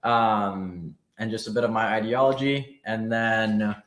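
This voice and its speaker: A man teaching a live online trading lesson, explaining quickly and casually with fillers. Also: on the low side, steady tone, fairly bright tone. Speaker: trading instructor.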